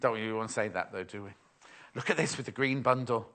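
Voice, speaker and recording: A man's voice: mid-range voice, quick pace, a bit bright. A man presenting a live sewing shopping show, chatty and playful as he reads out viewer messages. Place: TV studio.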